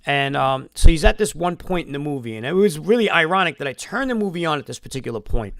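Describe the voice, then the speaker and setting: A man's voice: fairly high pitch, creaky, fairly bright tone, no echo, clean studio sound. A man telling a long emotional story in a rambling live-stream monologue, swearing often.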